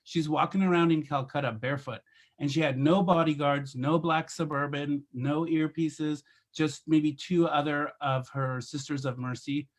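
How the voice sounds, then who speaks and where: A man's voice: a little high, moderate pace. A man who grew up in India, a photographer and podcast guest, telling stories in a casual interview and acting out the voices in them. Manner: animated storyteller who acts out voices in his anecdotes.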